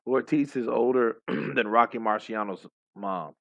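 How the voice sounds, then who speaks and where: A man hosting a live boxing commentary stream, joking, cursing and getting excited, on a dull, dry recording. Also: mid-range voice, unhurried, gravelly, dry recording. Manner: excitable, profane, joking banter.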